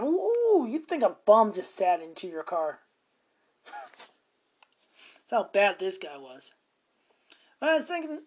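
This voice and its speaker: A man's voice: extremely high pitch, a little mellow. Rambling, profane middle-aged man. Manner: rambling, profane, chuckling often. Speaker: podcast host. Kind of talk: casual storytelling monologue.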